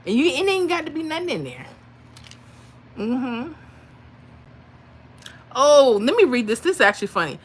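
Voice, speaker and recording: A middle-aged woman hosts a casual live stream, chatting and telling stories in an animated way with frequent laughter. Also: high-pitched, normal speed, long pauses, husky. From Florida. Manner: animated, chatty, laughs often, acts out voices. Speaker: livestream host.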